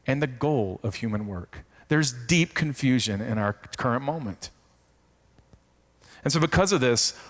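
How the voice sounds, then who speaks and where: A man's voice: mid-range voice, a bit bright. A man giving a teaching talk on faith and work, repeating key phrases for emphasis and often restarting his sentences.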